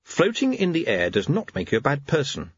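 A fussy young clockmaker, as a male narrator puts him on, raised a little in pitch and hurrying through precise, earnest lines. The storybook recording is muffled and lo-fi. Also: huge pitch swings, brisk, a little hiss or hum. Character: eager, obsessive young clockmaker, nervous.

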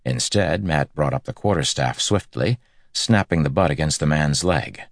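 A man narrating a story in an audiobook, with steady, measured storytelling. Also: extremely low pitch, vocal fry, no echo, clean studio sound. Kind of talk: scripted narration.

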